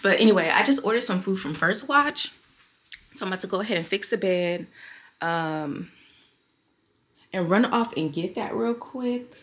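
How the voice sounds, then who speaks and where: A woman's voice: medium pitch, animated, moderate pace, long pauses, a bit bright. A young woman chatting casually to her camera at home, rambling and talking to viewers as y'all. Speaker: vlogger.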